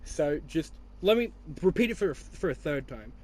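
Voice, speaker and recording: A man's voice: a little high, sing-song, moderate pace, a little mellow. A young Australian man hosting a podcast, chatting casually with friends in a rambling, teasing way full of swearing. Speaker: podcast host. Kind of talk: casual chat.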